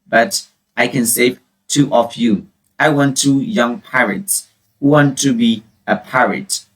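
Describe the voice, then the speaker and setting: A man's voice: mid-range voice, steady tone, slow pace, distant mic. A man voicing a cruel, gloating pirate captain in a storybook reading, taunting and mocking.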